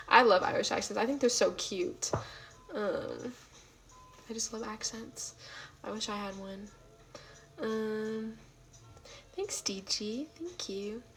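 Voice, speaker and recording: Gravelly-voiced woman chatting on a livestream. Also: fairly high pitch, takes it slowly, pauses often, faint music behind, poor audio. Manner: rambling, filler-heavy, answering chat; drops to soft half-whispered asides. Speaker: livestream host. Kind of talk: casual livestream chat. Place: at home late at night.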